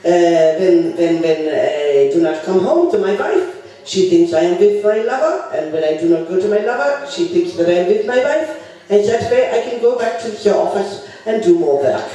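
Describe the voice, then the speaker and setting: A man's voice: high-pitched, expressive, moderate pace, dark tone, pitched above the performer's own voice. A man putting on a prim German engineer. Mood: earnest. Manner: formal, explaining in careful steps. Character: earnest honest German male engineer. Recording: echoey room, mic from far off.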